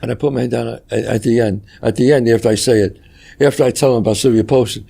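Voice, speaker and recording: A man telling animated stories in a casual podcast chat, acting out dialogue and swearing freely. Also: medium pitch, fast, gravelly. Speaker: guest actor telling stories.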